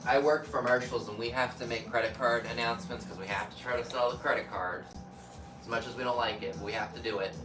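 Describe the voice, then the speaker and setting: A man's voice: medium pitch, steady tone, fast talker. Easygoing man, off-mic in an echoey room. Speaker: co-host. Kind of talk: casual chat. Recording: echoey room, a bit far from the mic, music behind.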